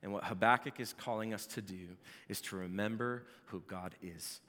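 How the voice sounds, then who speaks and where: Moderately paced and on the low side, this pastor's bright, forceful voice carries lively energy through his sermon. His jokes swell into loud, shouted outbursts, all echoing with the long reverb of a big hall.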